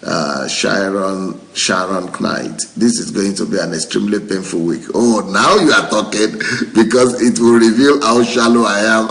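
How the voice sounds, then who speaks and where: Gravelly low-voiced male pastor. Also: moderate pace, a bit bright, a little hiss or hum, poor audio. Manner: chatty, often breaks into laughter. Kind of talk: reading out viewer comments and responding.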